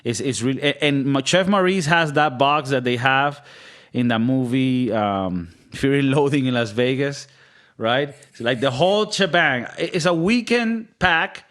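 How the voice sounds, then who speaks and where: A man's voice: mid-range voice, lively intonation, measured pace, a bit bright. A man hosting a podcast in casual chat, joking and rambling, who now and then slips into put-on accents. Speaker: podcast host.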